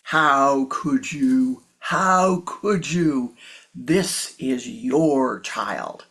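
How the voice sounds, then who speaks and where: A spiritual teacher voicing an angry grandfather who shouts accusations at a monk during a sermon story. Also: mid-range voice, very slow. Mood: furious.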